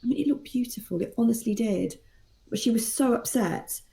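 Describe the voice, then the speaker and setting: Mellow-voiced mum telling stories. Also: female voice, a little high, brisk, creaky. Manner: chatty, self-deprecating storyteller. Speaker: mother and guest. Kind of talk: casual podcast chat.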